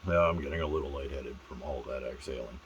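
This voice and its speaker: A man's voice: very deep voice, fast, muffled recording, slight background noise. A man vlogging casually about doing voices, rambling and playful with fumbling restarts.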